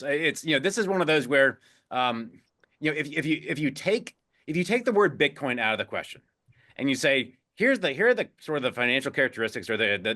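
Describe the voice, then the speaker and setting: A man, an investment chief, talking as a guest on a finance show, halting with many restarts and fillers. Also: medium pitch, sharp tone. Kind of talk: casual interview talk.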